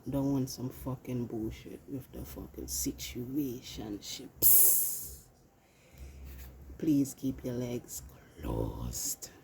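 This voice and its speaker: A British woman gives a casual collective tarot reading, chatty and loose, swearing and talking to herself as she handles her cards. Her voice is low and warm, with a little hiss or hum in the background.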